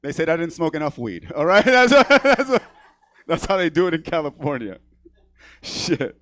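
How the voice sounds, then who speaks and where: A man from New York with Spanish as his first tongue works a comedy theater stage, brash and profane. His voice sits a bit high for a man and sounds close and dry on a handheld mic. He chuckles at his own punchlines and keeps checking in with "right?". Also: big pitch swings, moderate pace, a bit bright, no room sound. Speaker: stand-up comedian. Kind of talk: stand-up set.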